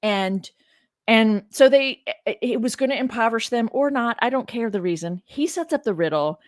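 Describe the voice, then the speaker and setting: A woman's voice: on the high side, expressive, normal speed, no room sound, studio quality. A woman who teaches religion, giving casual commentary on a scripture reading, emotional, exasperated and blunt. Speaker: religion professor.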